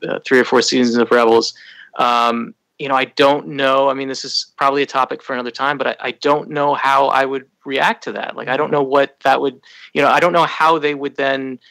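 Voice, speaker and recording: A man co-hosts a casual fan podcast, circling his point with fillers and restarts. His voice is bright and forceful, recorded dry and close with no room sound. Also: mid-range voice, flat delivery, a little fast, vocal fry, no echo, poor audio. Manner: rambling, many restarts and fillers. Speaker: podcast co-host.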